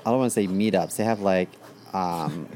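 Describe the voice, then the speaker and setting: A man's voice: low voice, normal speed, darkish tone, slight background noise. A gay man co-hosting a casual podcast, telling stories bluntly with plenty of ums and likes. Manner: blunt, storytelling, lots of fillers. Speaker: podcast co-host. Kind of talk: casual chat.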